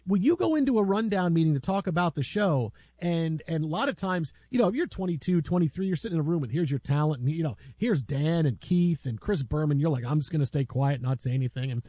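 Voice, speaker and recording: Man, sports talk host, rambling storyteller, slightly high voice, dry close sound. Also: fast talker, hardly any pauses, no room sound. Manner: rambling, many restarts, lively storytelling.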